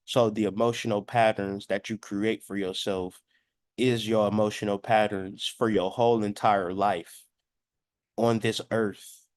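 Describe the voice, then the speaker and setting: A spiritual astrology commentator in his thirties speaks a little slowly in a lowish voice with flat delivery. His blunt, profane lecture is a preachy monologue in which he now and then acts out quoted voices. The audio is clean studio sound with no room sound.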